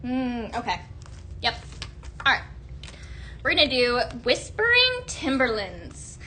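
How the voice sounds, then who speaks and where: A woman hosting a live shopping stream, gushing in an upbeat sales pitch to viewers she calls her friends. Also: huge pitch swings, slow pace, sharp tone, a little hiss or hum.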